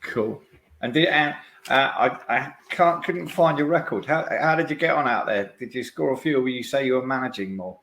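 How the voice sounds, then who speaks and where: A man's voice: medium pitch, brisk, fairly bright tone. Rambling male podcast host. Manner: rambling questions with restarts and fillers. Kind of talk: casual interview chat.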